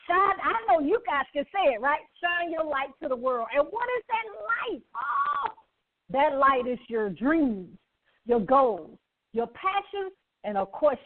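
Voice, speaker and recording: A woman with a Southern US accent hosting an inspirational radio show, exuberant and preacherly, tossing call-and-response questions to her listeners. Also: sits high. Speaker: radio host. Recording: tinny phone-like line.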